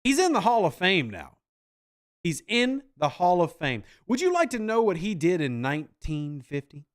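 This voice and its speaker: Brief: man impersonating a smug middle-aged team exec, pompous, slightly high voice. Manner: mock-formal, lecturing. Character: smug middle-aged male football executive.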